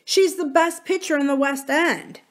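A woman's voice: high-pitched, a little slow, pitched above the performer's own voice. Brief: earnest young boy in a storybook reading, raised and eager, voiced by a woman reader.

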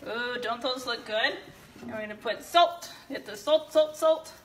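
Hosting a live giveaway show from her home kitchen, a bubbly woman fries tortilla chips, chats with viewers and lets out frequent whoops. Her voice is a little high and a bit bright at a moderate pace. The mic is distant, leaving her slightly off-mic amid roomy echo and faint background noise.

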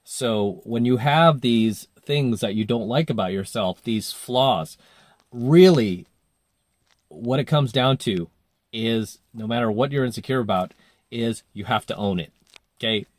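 A man's voice: medium pitch, unhurried, no room sound. A man coaching dating, telling a story in a casual monologue, full of fillers, and acting out the voices he quotes.

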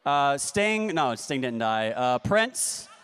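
A man doing a stand-up comedy set, with a deadpan, ironic delivery and playful asides to the crowd. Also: medium pitch, takes it slowly, smooth. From United States. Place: large convention hall stage. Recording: long hall reverb.

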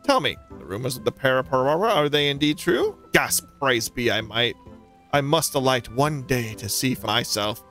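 A man's voice: medium pitch, lively intonation, normal speed, fairly bright tone, soft background music. A man reading aloud the lines of a flamboyant male traveling performer in a video game, with a grand, theatrical delivery. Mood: grandiose.

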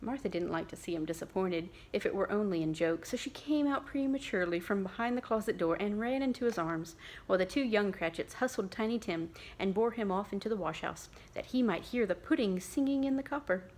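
A woman narrating an unabridged classic novel in a measured, expressive way. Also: mid-range voice. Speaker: audiobook narrator.

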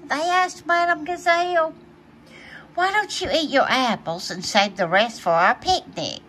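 A woman reading a children's picture book aloud, playful and animated, laughing often between pages. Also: high voice, measured pace, a little hiss or hum. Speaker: storybook reader.

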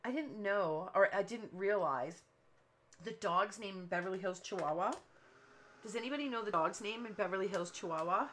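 A woman's voice: medium pitch, normal speed, a bit bright, slight background noise. A woman hosting a cardmaking livestream from her home craft room, chatting and telling long stories while she works. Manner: chatty, rambling storyteller who laughs often. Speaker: cardmaking show host.

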